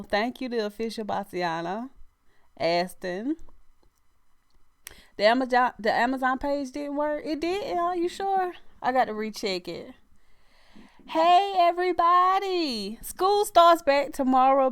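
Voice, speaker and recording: A woman's voice: a little high, clean tone. A middle-aged woman with a Louisiana accent, hosting a casual live stream, chatting with viewers, laughing often and calling them y'all. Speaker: livestream host.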